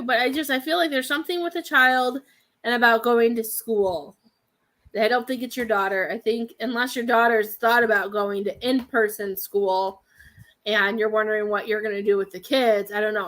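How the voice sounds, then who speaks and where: A woman's voice: on the high side, fairly bright tone. A woman in her thirties giving a rambling, hesitant psychic reading to viewers on a live stream, full of fillers and restarts. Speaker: psychic medium.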